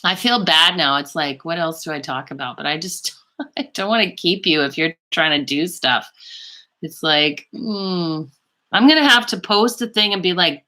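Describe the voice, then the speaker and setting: A woman's voice: on the low side, normal speed, pushed and bright. A woman beauty vlogger chatting casually on a live stream, rambling and laughing often, calling viewers "girl".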